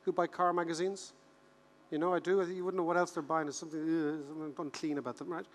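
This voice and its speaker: An Irish man in his fifties giving a humorous conference keynote, animated and joking, repeating words for rhythm. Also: a little high, fast talker. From Ireland. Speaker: keynote speaker. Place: large conference hall. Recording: reverberant conference hall.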